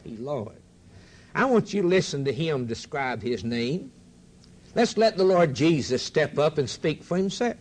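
A man preaching a fervent sermon, rhythmic and repetitive, swinging from loud declarations to hushed quoted scripture. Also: a little high, lively intonation, moderate pace.

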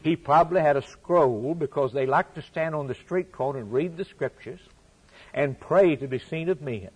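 A man's voice: on the high side, normal speed, a little mellow, husky. A man preaching a sermon, stressing his points by repeating phrases.

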